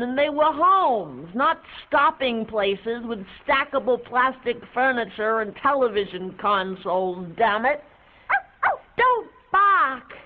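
An actress playing an older woman reminiscing to her dog, musing and unhurried, with hesitant pauses. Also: on the high side. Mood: wistful. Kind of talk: film monologue. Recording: tinny, phone-like film audio.

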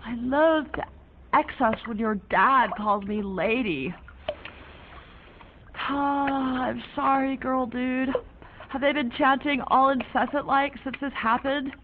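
A woman's voice: sits high, slow. A woman playing a rambling free-spirited young woman. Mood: breezy. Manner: rambling, quirky, odd ornate slang. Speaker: young woman calling a friend. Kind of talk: one-sided phone call monologue in an audio drama. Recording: narrow phone-like sound, faint hiss.

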